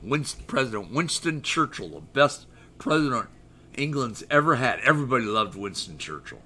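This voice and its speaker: A man's voice: medium pitch, big pitch swings, normal speed, sharp tone, slightly rough. A middle-aged American man hosting a live stream, rambling and joking as he reads viewer chat aloud in casual talk. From United States.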